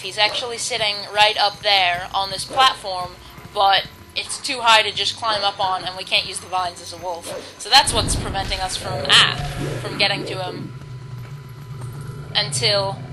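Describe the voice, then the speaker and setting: A woman's voice: medium pitch, low-quality recording. A woman giving rambling, self-deprecating let's play commentary while she plays a game. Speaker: gamer. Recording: game music underneath.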